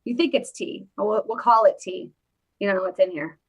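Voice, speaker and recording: A woman's voice: mid-range voice, a little fast, husky, poor audio. A woman hosting a casual livestream, playfully greeting viewers by name as she chats. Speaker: livestream host.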